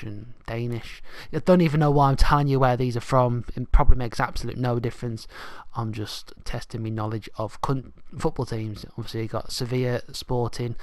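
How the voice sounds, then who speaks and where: A man's voice: medium pitch, no room sound. Chatty young man, dry close sound. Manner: rambling, chatty, thinking aloud. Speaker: gaming channel host. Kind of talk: casual let's-play commentary.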